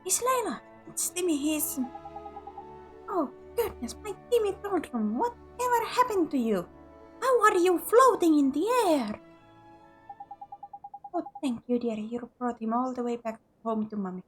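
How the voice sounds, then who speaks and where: A woman's voice: animated, unhurried, soft background music. A woman voicing a fussy, motherly older woman who coos over her cat and calls people dearie. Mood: doting. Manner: high, cooing, calls others dearie.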